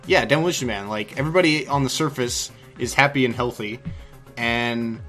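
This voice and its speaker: A man co-hosting a casual comedy podcast, easygoing and quick to laugh, talking loosely with lots of fillers. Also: mid-range voice, fairly bright tone. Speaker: podcast co-host. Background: faint music bed.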